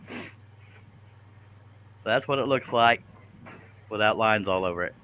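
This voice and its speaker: A man's voice: on the low side, measured pace, phone-quality sound, slight background noise. A man hosting a live stream, chatting casually and joking while he works at a scroll saw. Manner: joking, folksy, laughs often. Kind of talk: casual chat while working.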